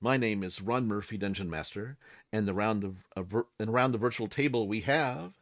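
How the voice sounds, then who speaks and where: A man's voice: fairly low pitch, brisk, dry recording, clean studio sound. A man hosting as game master, leading a tabletop game with an upbeat, giggly manner.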